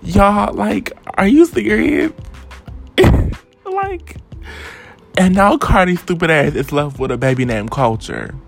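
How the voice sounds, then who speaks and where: A woman's voice: fairly low pitch, animated, normal speed, creaky, few pauses, soft background music. A woman hosting her own vlog, ranting about celebrity gossip in a sassy, profane way and repeating her points for emphasis. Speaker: vlog host. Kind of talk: casual celebrity gossip rant.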